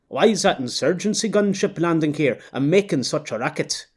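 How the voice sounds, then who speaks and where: A folksy Canadian onlooker, complacent and nosy, drawling his words as a male audiobook narrator puts him on. He talks in a raised, brighter voice than an everyday speaker. The delivery is casual and a bit self-satisfied. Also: on the high side, lively intonation, moderate pace, breathy edge. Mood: puzzled. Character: complacent middle-aged Canadian man, nosy. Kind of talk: audiobook character voice.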